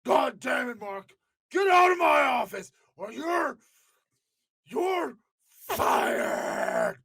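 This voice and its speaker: A man impersonating an angry older wrestling boss, shouting in exasperation with a strained throat. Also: extremely high pitch, sing-song, drawn-out words, creaky, dry recording, studio quality, pitched above the performer's own voice, full character voice.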